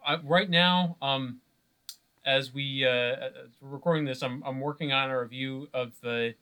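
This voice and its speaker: A man's voice: mid-range voice, fairly even intonation, sharp tone, clean tone. A man co-hosting a podcast, talking casually with lots of fillers and restarts. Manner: halting, many fillers and restarts. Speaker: podcast co-host.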